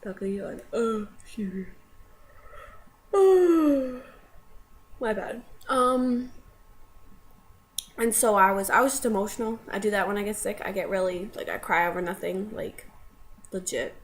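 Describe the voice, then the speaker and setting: A woman's voice: mid-range voice, steady tone, moderate pace. A young woman casually telling a personal story to camera, rambling with many fillers. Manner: rambling, filler-heavy, with tearful laughing bursts in quotes.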